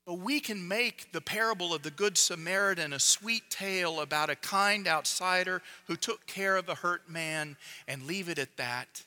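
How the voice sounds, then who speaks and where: A man preaching a sermon in a measured, emphatic way, dropping to a hush to drive points home. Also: high voice.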